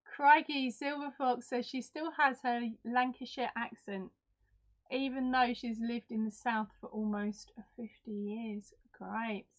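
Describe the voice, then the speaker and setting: A woman's voice: fairly high pitch, fairly even intonation, unhurried, muffled recording. A woman hosting a live crafting stream in casual chat, reading out and answering viewers' comments. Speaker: host.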